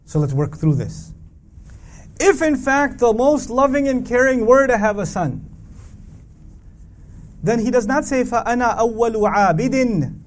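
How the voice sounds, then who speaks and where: A man teaching a live audience about a Quran verse, emphatic and full of rhetorical questions, reciting Arabic verses quickly. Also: very high-pitched, a little hiss or hum.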